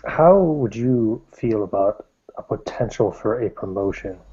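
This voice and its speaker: A man playing a tabletop game, speaking in a measured, commanding way, recorded with dull lo-fi sound. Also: lowish voice, animated, dark tone, husky. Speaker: player. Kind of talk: in-character tabletop play.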